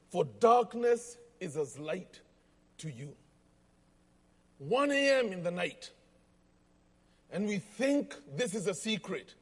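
A man preaching a sermon, slow and emphatic, repeating key lines for weight. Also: sits high, in a large hall. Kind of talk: sermon with storytelling.

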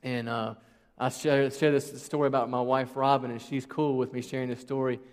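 A man's voice: mid-range voice, flat delivery, normal speed, darkish tone, clean tone. A man in his thirties preaching a sermon, conversational and emphatic, with many rhetorical questions. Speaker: pastor. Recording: long reverb of a large hall.

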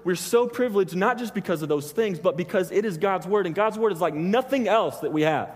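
A man's voice: sits high, animated, brisk, few pauses, slightly rough. A man giving a sermon to a live audience, rambling through personal stories and stopping often to restart and joke. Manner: rambling, self-interrupting, joking with the crowd. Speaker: preacher. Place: church hall with an audience. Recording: long hall reverb.

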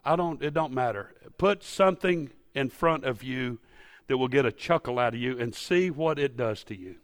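Male pastor, mid-pitched, folksy sermon, builds to loud peaks, dry close sound. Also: normal speed, no echo. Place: church sanctuary.

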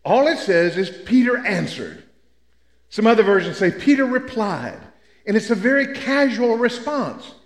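An older preacher from Memphis delivers a sermon full of folksy, humorous stories. His voice sits high for a man. The sound rings through a church hall with a long reverb. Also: big pitch swings, measured pace. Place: church sanctuary.

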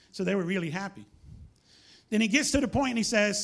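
Man, high voice, animated preacher telling stories. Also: fairly quick, gravelly. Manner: animated storytelling, acts out dialogue. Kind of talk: sermon.

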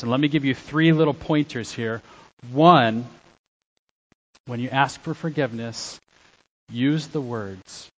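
Middle-aged guy preaching a sermon, slow and deliberate, goes loud then real quiet. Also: medium pitch, poor audio. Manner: emphatic preaching, swings between loud exhortation and quiet asides. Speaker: pastor.

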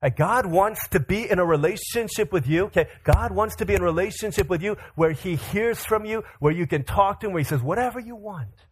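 A man's voice: high-pitched, fairly quick, hardly any pauses, husky. A man preaching to young people, telling playful stories with acted-out voices. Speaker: pastor. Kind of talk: sermon to a youth audience.

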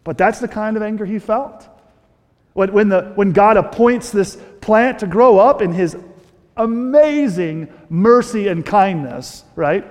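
A man preaching a sermon as pastor, animated and full of rhetorical questions, often restarting his sentences. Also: high-pitched, unhurried. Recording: long reverb of a large hall.

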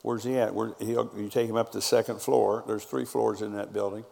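Fairly low and darkish with vocal fry, a middle-aged pastor's level, brisk voice rings out with a long reverb tail. In his sermon he tells stories and quotes people's exchanges back and forth.

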